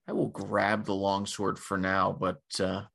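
A man's voice: sits low, level tone, a little slow, gravelly, fairly bright tone. A man playing a tabletop game over a call, talking in an easygoing, hesitant way. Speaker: player.

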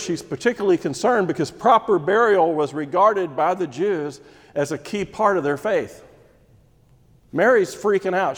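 A man delivers a sermon, explaining a scripture passage and acting out a grieving woman's distress before easing into quiet, emphatic questions. His voice sits slightly high for a man. It rings with the long reverb of a big hall. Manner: expository preaching, voices Mary's distress, drops to hushed emphasis. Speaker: preacher.

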